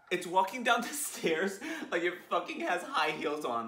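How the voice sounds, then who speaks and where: A man hosting a music video reaction vlog, talking in a profane, flamboyant and excitable way. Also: on the high side, normal speed, slight background noise. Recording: roomy echo with music playing.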